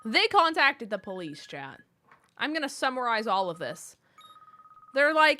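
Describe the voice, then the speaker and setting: A woman's voice: mid-range voice, lively intonation, moderate pace, bright, forceful tone, faint music behind. A woman streaming a video game, chatting playfully with her chat and reading game dialogue aloud in put-on voices. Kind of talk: casual game commentary.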